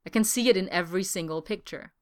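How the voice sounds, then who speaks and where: A woman reading a wry, gentle man. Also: mid-range voice, fast, close to an everyday voice. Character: wry, gentle man, fond but exasperated.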